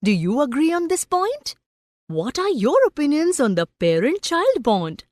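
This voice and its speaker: A woman teacher reads a storybook aloud slowly and with an animated, rising and falling voice. Her voice sits a little high, and the recording is dry and close with no room sound. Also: no room sound. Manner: slow, expressive storytelling. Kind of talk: storybook narration and lesson.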